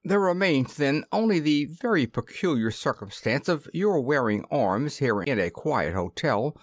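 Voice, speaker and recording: A man voicing an unctuous, fawning male hotel proprietor in an audiobook, pleading and smooth. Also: mid-range voice, very animated, measured pace, no echo, studio quality. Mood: smooth, reproachful.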